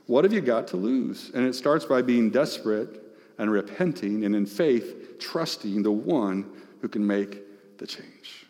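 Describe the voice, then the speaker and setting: A man's voice: lowish voice, lively intonation, a little slow, darkish tone. A male pastor preaching an impassioned sermon, calling out to the congregation with rising and falling delivery. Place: church sanctuary. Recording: reverberant church hall.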